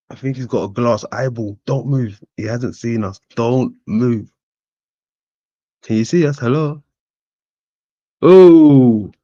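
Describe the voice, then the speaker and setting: A man giving casual reaction commentary in profane, laughing, slow, drawling remarks. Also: mid-range voice, warm tone, no echo, highs cut off.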